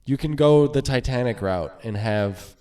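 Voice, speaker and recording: A man's voice: mid-range voice, expressive, measured pace, warm tone, clear, resonant tone. A man co-hosting a film podcast in casual chat, giving opinionated, ranting critiques. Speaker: podcast co-host.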